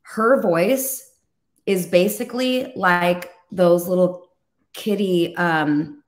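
A woman who leads a ministry, preaching on a video call and telling stories in an animated way, acting out the voices she quotes. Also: on the low side, slow. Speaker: ministry leader and co-host.

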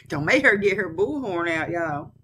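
A woman's voice: mid-range voice, fairly bright tone, husky. A woman hosting a live stream, reacting to a clip with indignant, scornful rhetorical questions. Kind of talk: heated casual commentary.

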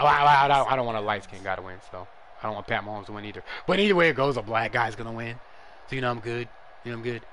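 A young gaming streamer plays a football video game live, trash-talking and commentating as he swings from mutters to yells. His voice is mid-range, with slight background noise.

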